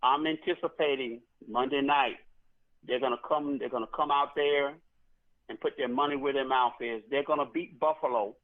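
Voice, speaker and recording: A man's voice: mid-range voice, fairly even intonation, normal speed. A man calling in to a sports show, making confident predictions in a casual way. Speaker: caller. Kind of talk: casual call-in chat. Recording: phone-line caller.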